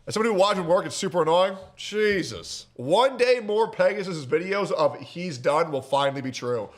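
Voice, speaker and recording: A man's voice: sits high, expressive, a little fast. A man streaming and reacting to a video, ranting crudely and sounding exasperated.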